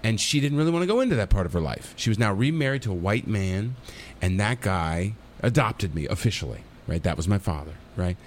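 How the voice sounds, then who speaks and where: A man's voice: lowish voice, a little fast, few pauses, a little hiss or hum. A middle-aged man, a comic actor, telling stories casually in an interview and acting out the voices. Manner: animated, acts out voices in his stories. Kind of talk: casual storytelling in a podcast interview.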